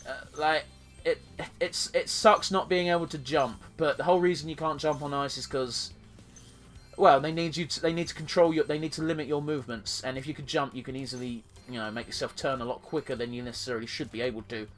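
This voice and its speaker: A man with a somewhat high voice talks through his gameplay in a rambling, jokey way, swearing freely. Faint music sits under his voice. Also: fairly even intonation, brisk, a bit bright. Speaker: let's play host. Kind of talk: gameplay commentary.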